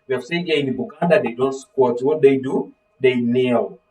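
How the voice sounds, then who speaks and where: A man's voice: medium pitch, moderate pace, distant mic, poor audio. A man teaching a literature lesson, calling on students by name and asking fill-in-the-blank questions. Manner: animated, acts out voices of characters. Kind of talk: live online literature lesson.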